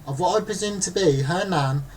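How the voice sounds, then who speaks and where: A man co-hosting a casual chat, telling stories in an animated way and mimicking people in exaggerated voices. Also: sits high, normal speed. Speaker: podcast co-host. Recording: distant mic with faint background noise.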